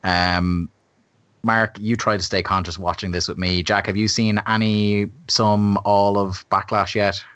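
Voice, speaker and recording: A man hosting a casual podcast, quick teasing banter and frequent laughs. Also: on the low side, little pitch movement, fairly bright tone, clean tone, no room sound, lo-fi sound. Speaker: podcast host.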